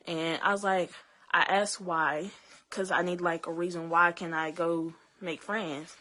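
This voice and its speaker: A young woman telling her own story to her viewers, halting, with many fillers and restarts. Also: lowish voice, steady tone, pushed and bright. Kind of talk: emotional personal storytelling to camera.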